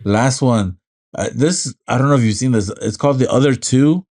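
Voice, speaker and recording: A man's voice: medium pitch, normal speed, a little mellow. A young man co-hosting a podcast, laid-back and teasing, often tacking "man" onto his sentences. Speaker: podcast co-host. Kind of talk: casual chat.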